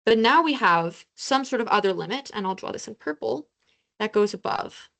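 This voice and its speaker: A woman's voice: on the high side, expressive, normal speed, vocal fry, fairly bright tone. A young woman tutoring a review session over a video call, casual and self-deprecating as she explains formulas. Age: young adult. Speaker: student tutor. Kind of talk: online review lesson.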